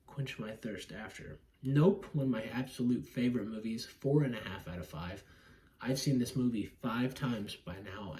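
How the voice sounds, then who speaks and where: A man's voice: on the low side, a little mellow, slight background noise. Rambling, profane man reviewing movies. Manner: rambling, profane, laughs often, acts out scenes. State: yawning, drowsy. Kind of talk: casual movie review monologue.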